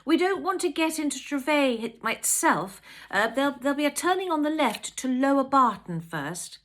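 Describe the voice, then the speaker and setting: An earnest, excitable middle-aged wife whose voice leaps high when she gets keen, as a woman reads her in a storybook. She talks with lively, swinging pitch. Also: normal speed, vocal fry, breathy edge, heavily acted. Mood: eager. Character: wealthy middle-aged wife, eager and pleading.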